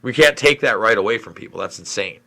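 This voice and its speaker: A middle-aged man from New York State hosts a live question-and-answer stream. He answers viewer comments in a frustrated, rambling way. His voice is bright and forceful. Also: fairly low pitch, animated, fast talker, vocal fry. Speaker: livestream host. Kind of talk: live Q&A stream reading chat.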